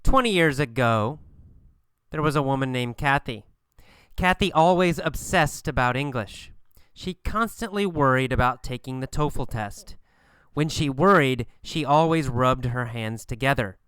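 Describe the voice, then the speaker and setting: Slow, emphatic man teaching English. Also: mid-range voice, a bit bright, smooth, no room sound, clean studio sound. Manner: slow, emphatic, repeats phrases for learners. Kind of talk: scripted language lesson.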